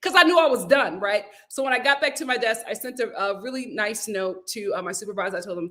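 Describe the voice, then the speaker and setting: A woman's voice: mid-range voice, moderate pace, bright, forceful tone. A woman hosting a casual live stream, reading viewer comments aloud and telling a story in a chatty way. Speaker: YouTube host.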